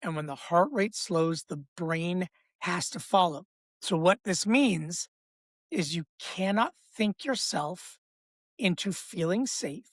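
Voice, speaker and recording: A man who works as a breathwork coach, explaining in a podcast interview with an emphatic, repetitive teaching cadence and an animated delivery. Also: high-pitched, slow pace, dry recording. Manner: animated, acts out inner voices.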